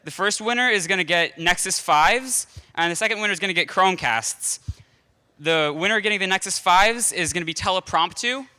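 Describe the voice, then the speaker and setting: A man emceeing an awards segment, brisk and businesslike. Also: sits high, bright, forceful tone, clean tone, big-room sound. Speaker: event organizer and emcee.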